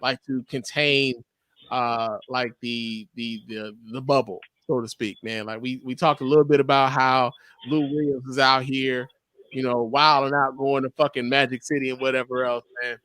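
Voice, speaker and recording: A man in his thirties co-hosting a podcast, chatting casually about sports with loud, laughing, profane banter. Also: mid-range voice, steady tone, normal speed, clear, resonant tone, no room sound. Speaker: podcast co-host.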